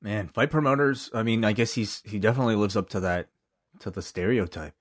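Low-voiced man with dry podcast banter. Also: fairly quick. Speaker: podcast co-host. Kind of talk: casual podcast chat.

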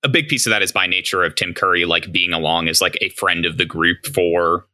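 A man co-hosting a podcast in casual chat, enthusiastic and pausing on "um" as he works through ideas. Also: low-pitched, bright, forceful tone, dry recording, rough recording. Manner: enthusiastic, with "um" pauses.

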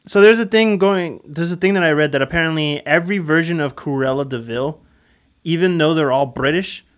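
A man hosting a podcast, chatting casually about a film in an animated way with swearing and quick asides. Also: a little high. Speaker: podcast host. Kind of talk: casual chat.

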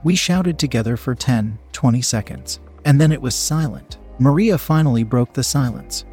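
A man narrating his own story in first person with a steady, frank delivery. His voice is husky and sits in a middle register, with soft music playing faintly in the background. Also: mid-range voice, normal speed, hardly any pauses.

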